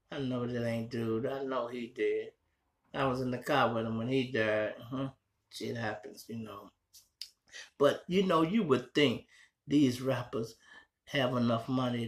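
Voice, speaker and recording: Male podcast host, Chicago accent, loose and profane, talking straight to his listeners. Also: mid-range voice. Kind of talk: casual street commentary.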